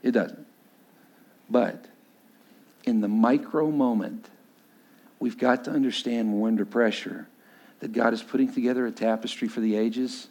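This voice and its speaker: A man, a pastor preaching and telling a personal story, acting out voices and dropping low and quiet for emphasis. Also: fairly even intonation, normal speed, long pauses. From Texas.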